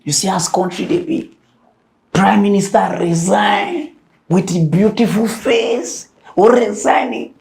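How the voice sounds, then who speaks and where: Male comic news host, Nigerian pidgin accent, high voice, playful whispers and shouts. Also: unhurried, creaky. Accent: Nigerian Pidgin English. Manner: animated, jokey, shifts between whispers and shouts.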